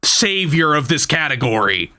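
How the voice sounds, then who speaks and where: A man's voice: on the high side, sing-song, moderate pace, very noisy. A man co-hosting a casual movie podcast, dry and making jokey comparisons. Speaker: podcast co-host.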